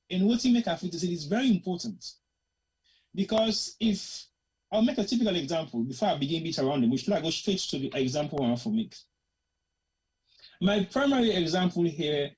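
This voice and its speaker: Sierra Leonean Krio-tinged accent, husky voice, mid pitch, passionate show host, emphatic opinion talk. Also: a little mellow, low-quality recording. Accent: Sierra Leonean Krio-tinged English. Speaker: host of a current-affairs discussion show. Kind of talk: opinionated commentary monologue.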